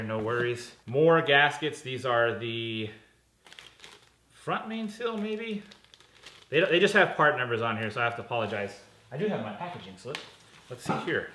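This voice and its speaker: A chatty man hosts a casual unboxing vlog. His voice is bright and forward, and he talks in an upbeat way, correcting himself as he goes. The room around him is echoey, with a faint hiss behind him. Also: medium pitch. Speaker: car channel host.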